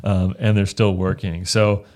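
Male pastor, low voice, earnest scripture chat, reads verses aloud with frequent restarts. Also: flat delivery, a little slow, darkish tone. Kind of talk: casual Bible discussion.

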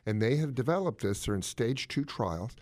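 A man co-hosting a casual chat, explaining health news in a jokey, animated way. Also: moderate pace. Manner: animated, jokey, swoops up in pitch for emphasis.

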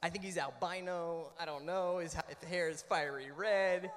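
A man with a notably high voice tells a personal story casually and with energy, tripping over restarts and leaning on fillers. His voice rings out with a long, hall-like reverb around it. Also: moderate pace. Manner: animated, many fillers and restarts, laughs while telling. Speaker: panel guest.

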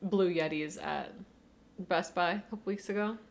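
A woman's voice: lowish voice, moderate pace, creaky. A woman in casual chat, easygoing, with laughing asides.

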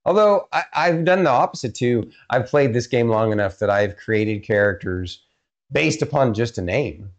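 A man's voice: mid-range voice, animated, normal speed, highs cut off. A man from Texas co-hosting a casual podcast chat, chatty and prone to restarts. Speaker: podcast co-host.

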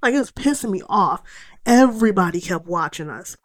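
A woman's voice: mid-range voice, brisk. A young woman telling a story in casual talk, swearing freely and acting out what people said. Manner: animated, profane, quotes people in raised voice.

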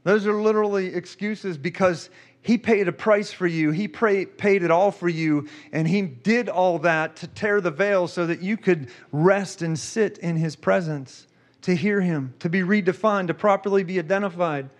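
A man's voice: high voice, normal speed. A man preaching a sermon and telling a personal story, emotional and given to repeating himself. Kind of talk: sermon testimony.

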